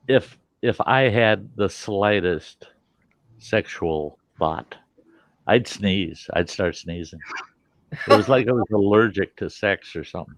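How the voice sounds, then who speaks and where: A man's voice: fairly low pitch, slow pace, no room sound. A man hosting a casual show and telling rambling, swearing anecdotes. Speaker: host. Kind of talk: casual storytelling. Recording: dull lo-fi dry sound.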